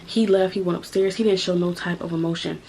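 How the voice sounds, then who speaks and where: A woman's voice: fairly low pitch, steady tone, fast talker, a little mellow, slight background noise, rough recording. A woman in her twenties telling a personal story to her channel in a blunt, profane, emphatic way. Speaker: vlogger. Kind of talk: casual storytime vlog.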